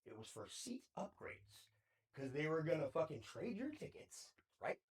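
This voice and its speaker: A man's voice: fairly high pitch, sing-song, moderate pace. A man in his thirties, co-hosting a podcast and telling a story in casual chat, full of slang and swearing. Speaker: podcast co-host.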